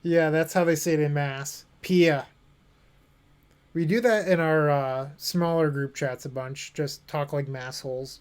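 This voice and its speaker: A man with a slightly higher voice talks through his card game as he plays. He thinks aloud and jokes with his chat in an easy, casual way. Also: moderate pace, hardly any pauses, clean tone. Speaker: streamer playing a card game. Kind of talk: casual commentary while playing.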